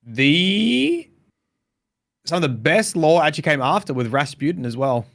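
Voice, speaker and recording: A man co-hosting a casual podcast, thinking out loud with many fillers and restarts. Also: on the high side, sing-song, unhurried, vocal fry, no echo, clean studio sound. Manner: speculative, hedging with fillers. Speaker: podcast co-host. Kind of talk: casual chat.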